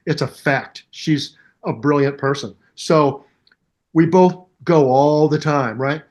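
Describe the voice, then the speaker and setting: An older musician talking as a guest in a casual interview, telling animated stories and mimicking voices and sounds. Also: male voice, fairly high pitch, slow pace.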